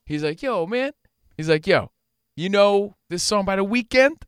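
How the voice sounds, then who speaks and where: Bright clear-voiced host guy ranting on his talk show, swears a lot, dry close mic. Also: high voice, unhurried, no echo. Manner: animated, profane, argumentative. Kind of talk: casual talk show banter.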